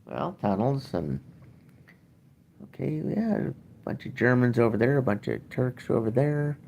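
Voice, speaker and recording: Slow, blunt older man. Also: medium pitch, big pitch swings, vocal fry, darkish tone, a little hiss or hum. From Canada. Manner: profane, blunt, emphatic. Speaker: podcast host. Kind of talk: casual ranting talk.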